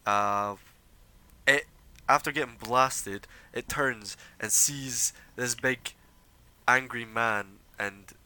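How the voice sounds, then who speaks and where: Bright-voiced man running a tabletop game. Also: mid-range voice, clean tone, low-quality recording. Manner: relaxed, loose narration with frequent filler pauses. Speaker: game master.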